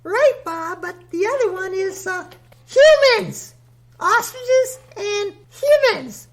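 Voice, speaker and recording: A man's voice: extremely high pitch, lively intonation, slow pace, voice pushed up, full character voice. A man voicing Mother Nature as a grand, ancient female spirit who speaks in solemn, lofty pronouncements. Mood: lofty, grave. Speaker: podcast guest character.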